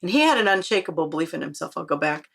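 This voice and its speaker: A woman author, interviewed casually, tells stories in a chatty, earnest way, laughing often and performing the quotes. Her voice is low-pitched and a bit bright, with vocal fry, lively intonation, and rapid-fire delivery.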